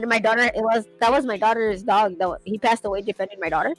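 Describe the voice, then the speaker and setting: A woman's voice: medium pitch, fast talker, hardly any pauses, soft background music, low-quality recording. Woman, loose casual storyteller, laughs a lot, swears easily. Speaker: streamer chatting while sketching. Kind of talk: casual chat.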